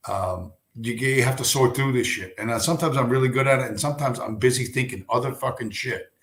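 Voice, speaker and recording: A man's voice: medium pitch, fairly quick, fairly bright tone. A man hosting a livestream, talking in a rambling, profane, storytelling way. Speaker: livestream host. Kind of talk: casual livestream monologue. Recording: roomy echo.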